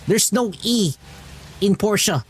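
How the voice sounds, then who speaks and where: Slow, high-voiced male game streamer. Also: animated, slight background noise. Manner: rambling and explanatory, with many restarts. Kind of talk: casual live-stream chat.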